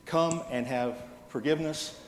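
A man's voice: on the high side, unhurried, slight background noise. A man, a pastor, preaching a sermon in a plain, conversational storytelling manner. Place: church sanctuary. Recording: echoey reverberant church hall.

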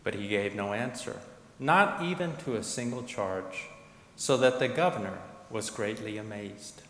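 A man narrating a scripture passage in a measured, solemn liturgical reading. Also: lowish voice, lively intonation, fairly bright tone, slight background noise. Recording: echoey hall, long reverb.

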